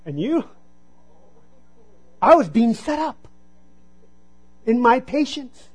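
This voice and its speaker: High-voiced man preaching a sermon. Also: very animated, takes it slowly, pauses often, darkish tone, breathy edge, low-quality recording. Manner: storytelling, call-and-response "Amen?". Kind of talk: sermon with personal story.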